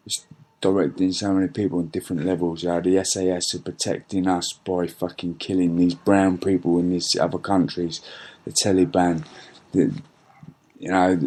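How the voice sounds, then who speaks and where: A middle-aged man delivers an angry, rambling rant, cursing freely and circling back on his own words. His voice sits low and heavy. He talks to listeners like a podcast host letting off steam. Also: a little mellow. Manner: angry, profane, rambling with repeated restarts. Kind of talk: ranting monologue.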